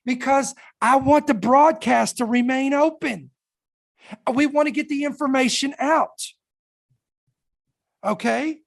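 Woman podcast host, higher pitch, emphatic and deliberate, news read with commentary. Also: creaky. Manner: emphatic, dramatic pauses, slow deliberate emphasis.

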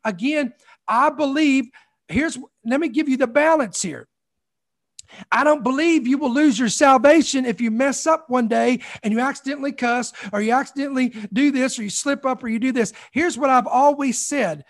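High-voiced fervent male preacher. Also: moderate pace. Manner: fervent, repetitive preaching with calls of "come on". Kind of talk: sermon.

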